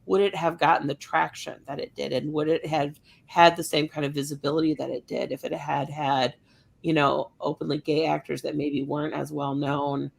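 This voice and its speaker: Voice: medium pitch, little pitch movement, normal speed, creaky. A podcast co-host in a casual panel discussion, making points through rhetorical questions and "you know what I mean". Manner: conversational, argues with rhetorical questions.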